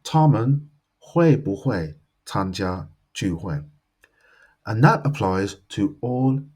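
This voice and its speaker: A man teaching a language lesson, explaining grammar step by step and slowly modeling example sentences. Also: on the low side, dark tone, breathy edge.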